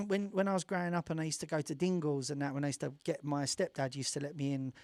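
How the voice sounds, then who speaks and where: A man with a slightly high voice tells rambling stories in a casual radio interview, often restarting his sentences. He acts out other people's words with sudden jumps in pitch and volume. The mic is close and dry. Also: flat delivery, quick pace, darkish tone, no room sound. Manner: rambling with frequent restarts and laughter. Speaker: DJ and author being interviewed.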